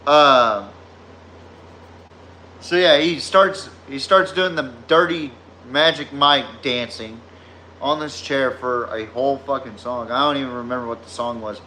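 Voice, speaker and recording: A man's voice: mid-range voice, measured pace, bright, forceful tone, slight background noise. A man with a Southern US drawl hosting a casual sports podcast, telling rambling, profane stories. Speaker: podcast host.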